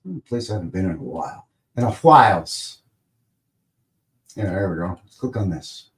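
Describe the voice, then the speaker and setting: Male streamer, low-pitched, loose rambling chat, playful noises. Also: expressive, fast, dark tone. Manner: rambling, playful, makes goofy sound effects. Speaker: livestream host. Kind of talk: casual live-stream chat.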